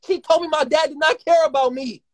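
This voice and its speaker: Heated, profane high-voiced young man. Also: steady tone. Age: 20s. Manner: heated, profane, rapid, rambling. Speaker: guest. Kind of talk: emotional live-stream conversation.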